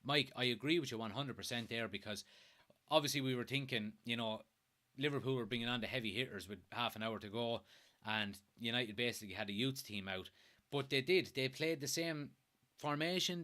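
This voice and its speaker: A young Irish man from Kilkenny hosts a live stream and talks through viewer comments in loose, easygoing chat. His voice is bright and forward. He drops the odd curse and laughs easily between points. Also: mid-range voice, normal speed. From Ireland. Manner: chatty, swears casually, laughs easily. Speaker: host of a fan live stream.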